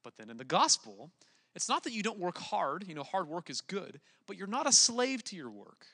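A young man preaching a relaxed, conversational sermon, with plenty of fillers and restarts. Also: high-pitched, normal speed, breathy edge, big-room sound.

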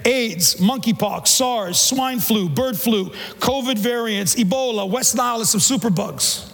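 A middle-aged male pastor preaching a sermon in a church, animated, stumbling over repeated words and acting out the voices he quotes. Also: high-pitched, a little slow, gravelly. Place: church sanctuary. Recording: long church reverb.

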